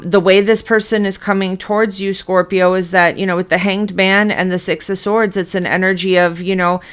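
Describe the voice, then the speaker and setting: A woman's voice: on the low side, a bit bright, clean tone. A woman giving a blunt, emphatic tarot reading, cursing freely as she speaks to her viewers. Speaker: tarot reader.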